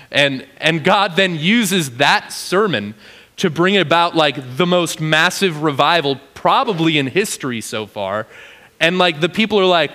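A man's voice: a little high, unhurried. A man preaching a casual sermon, filling his talk with "like" and acting out the people he quotes. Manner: animated, acts out quoted voices, lots of "like". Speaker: pastor.

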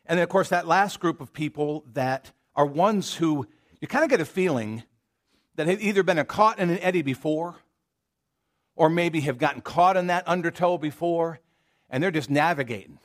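A male pastor with a drawl preaches to his congregation in a casual, storytelling manner, trailing off into asides and restarting his sentences. His voice sits a little high for a man. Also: normal speed. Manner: folksy and conversational, with many restarts and asides. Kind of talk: sermon. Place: church sanctuary.

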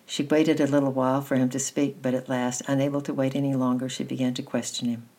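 A woman reading a children's novel aloud in a steady, gentle storytelling manner, with a husky voice. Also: very deep voice, fast. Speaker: reader.

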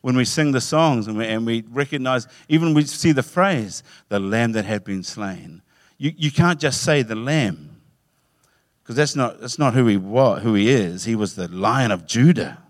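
A man delivers a sermon in a middle-pitched voice. He tells the story in a lively way, slipping into acted voices. The sound is dry and close. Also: normal speed, no echo. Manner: animated storytelling, acting out voices with laughs. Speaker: preacher.

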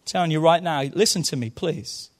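A man preaching a sermon in a church service, moving fervently from quiet low asides to loud shouted calls. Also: normal speed. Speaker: pastor.

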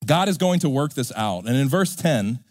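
A pastor preaching a sermon in an animated, joking way, acting out characters. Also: male voice, medium pitch, normal speed, no room sound, clean studio sound.

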